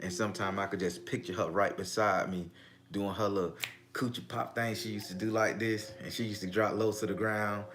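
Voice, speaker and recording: A man's voice: fairly low pitch, steady tone, a little fast. A middle-aged man, telling family stories and preaching in a casual, profane way. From Southern US. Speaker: spiritual vlogger. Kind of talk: casual spiritual talk.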